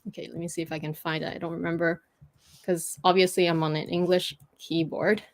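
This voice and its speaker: A woman's voice: on the low side, level tone, fairly quick. A woman hosting a livestream, patiently explaining pronunciation rules step by step and laughing easily. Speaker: host teaching pronunciation.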